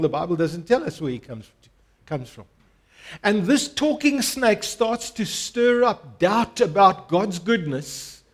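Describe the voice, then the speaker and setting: A man with a notably high voice delivers a sermon as a pastor. He preaches earnestly, repeats key phrases for emphasis and draws the congregation into responding aloud.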